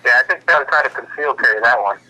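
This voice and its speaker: A man's voice: mid-range voice, very fast, pushed and bright, slight background noise. A man chatting casually over a phone line, hesitant with many fillers. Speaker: co-host on phone. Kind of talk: casual chat.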